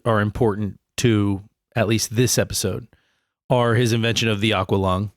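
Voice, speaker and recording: A young man co-hosting a casual comedy podcast, rambling through his points with drawn-out phrasing and frequent laughter. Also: on the low side, steady tone, no room sound, clean studio sound. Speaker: podcast co-host.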